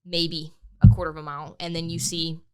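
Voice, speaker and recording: A woman's voice: sits low, little pitch movement, fairly quick, clean tone. A young woman co-hosting a podcast, telling a race story casually, acting out her own quotes and swearing freely. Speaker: podcast co-host. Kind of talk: casual chat.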